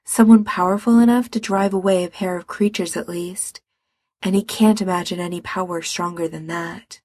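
A woman narrating a story in a soft, measured reading voice. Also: lowish voice, fairly even intonation, slightly rough, no echo.

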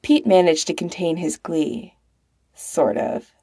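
Gravelly slow woman narrating a story. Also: fairly low pitch, mellow. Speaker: story reader. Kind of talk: narrating fan fiction aloud.

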